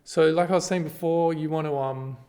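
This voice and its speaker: A man casually walks through a screen-recorded tutorial, relaxed and halting, with lots of ums and restarts. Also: on the high side, clean tone. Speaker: party volunteer giving a tutorial.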